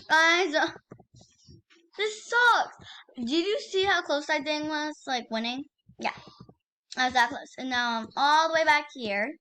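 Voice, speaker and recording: A young woman hosting her own gaming channel, giving casual gameplay commentary in an excitable way, repeating exclamations and using lots of fillers. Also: sits high, slow, pauses often, smooth. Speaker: gaming YouTuber.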